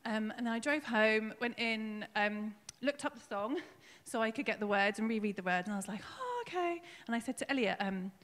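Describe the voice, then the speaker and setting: A woman giving a personal testimony at her own baptism in church, emotional and tearful, halting with fillers as she speaks. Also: medium pitch, a bit bright. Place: church hall. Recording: long hall reverb.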